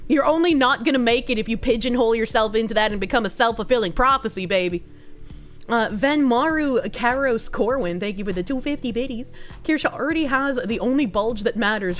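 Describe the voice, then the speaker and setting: A woman streamer with a voice on the high side chats casually and reads out donation messages. Her banter is loose and profane, and she laughs often.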